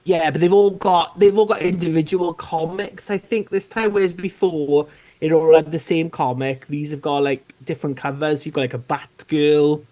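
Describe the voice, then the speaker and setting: A man's voice: a little high, steady tone, normal speed, dark tone. A man co-hosting a casual live chat, rambling with lots of fillers. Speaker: co-host guest.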